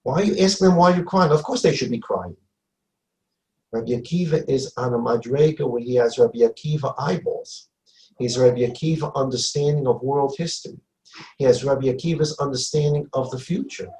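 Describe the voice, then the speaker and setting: A man's voice: mid-range voice, normal speed, warm tone, echoey room, poor audio. A man giving a Torah class as a rabbi, emphatic, repeating phrases and acting out dialogue. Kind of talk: Torah lecture.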